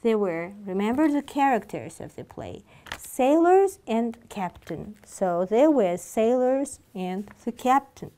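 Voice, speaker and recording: A woman's voice: fairly high pitch, very animated, slow pace, dark tone. Woman, English teacher, patient, repeats and asks questions. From Georgia. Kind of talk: classroom lesson.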